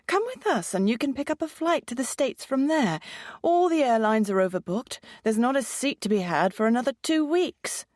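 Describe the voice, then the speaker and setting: A woman's voice: fairly high pitch, big pitch swings, normal speed, darkish tone, dry recording, studio quality, voice pushed up. A woman voicing a blunt, chatty British woman traveler with a posh British accent. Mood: exasperated.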